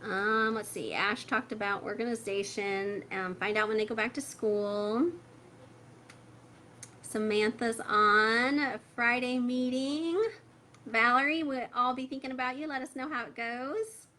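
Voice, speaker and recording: A woman's voice: fairly high pitch, steady tone, a little slow, bright, forceful tone, slight background noise. A woman hosting a parents' livestream, chatting casually with many fillers and reading viewer comments aloud, with a phone held close. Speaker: host of a parent membership group.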